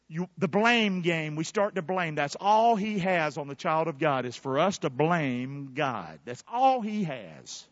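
A man preaching a sermon, calling on his congregation to answer back and bursting out loudly before drawing words out for emphasis. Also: high-pitched, big pitch swings, no room sound, lo-fi sound. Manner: preaching with sudden loud bursts and drawn-out emphasis. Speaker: pastor. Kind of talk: fiery sermon with call-and-response.

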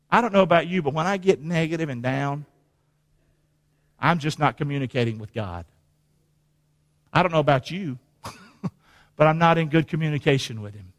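A preacher with a notably high-pitched voice delivers an animated sermon. He keeps calling on the congregation to answer him back. His voice carries a long reverb from the church hall. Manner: animated, call-and-response with the congregation.

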